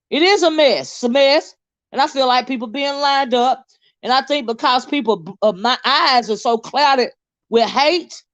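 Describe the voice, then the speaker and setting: A woman's voice: sits high, dry recording. A woman hosting a livestream in casual chat, fired up, blunt and profane, often stumbling over repeated words. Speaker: livestream host.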